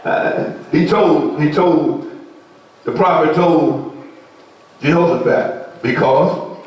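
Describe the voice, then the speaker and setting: A man's voice: mid-range voice, vocal fry. Preaching man in an echoey church. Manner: preaching with rhetorical questions and sudden shouted peaks. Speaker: pastor. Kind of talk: sermon. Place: church sanctuary. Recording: echoey church sound from far off.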